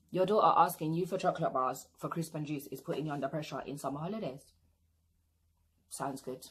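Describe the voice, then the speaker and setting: A woman's voice: deep voice, fairly quick. Sassy British woman telling a story. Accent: British English. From England. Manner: animated, indignant and sassy storytelling. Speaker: vlogger. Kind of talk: storytime vlog.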